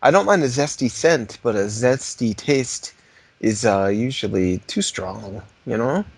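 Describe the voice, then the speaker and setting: A man co-hosting a podcast, chatting playfully in a slow, hammy way. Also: medium pitch, animated, creaky, breathy edge. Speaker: podcast co-host. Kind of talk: casual chat.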